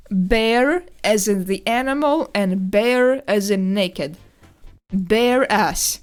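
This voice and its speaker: A woman streaming live, chatting casually and excitedly while exploring a map, squealing at animals and swearing now and then. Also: mid-range voice, slow, soft background music.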